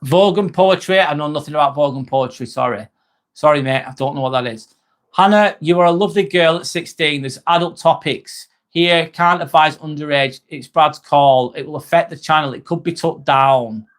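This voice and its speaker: Guy on a live stream, slightly high voice, earnest, keeps repeating himself, calls folks mate. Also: moderate pace, fairly bright tone. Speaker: live-stream host reading viewer comments. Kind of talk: casual live-stream chat.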